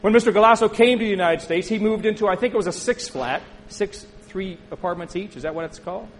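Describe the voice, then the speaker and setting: A man's voice: high-pitched, fast, slight background noise, rough recording. A middle-aged man preaching a sermon as a pastor, telling a story in a conversational way and turning to ask the congregation questions.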